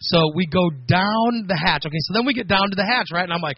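A man hosting a radio show, telling a story on air in a casual, animated, self-mocking way with frequent laughs. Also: high voice, fast talker, hardly any pauses, breathy edge, dull audio. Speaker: radio host.

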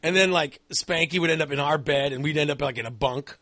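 A man's voice: fairly high pitch, fairly quick, a bit bright, dry recording. A man chatting casually, telling a long rambling story full of fillers and restarts. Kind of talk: casual chat.

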